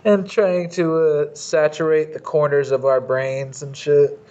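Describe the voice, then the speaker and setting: A podcast co-host chats casually in a loose, rambling way, full of slang and cursing. His voice is on the high side with a darkish tone, delivered flatly and a little slowly, and the recording sounds dull and lo-fi.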